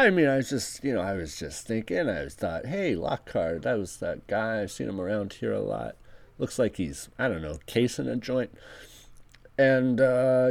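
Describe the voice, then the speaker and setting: A man's voice: mid-range voice, creaky, no echo. A man improvising a scheming casino boss in a tabletop role-play, talking bluntly in rambling bursts with self-mocking asides. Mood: sly.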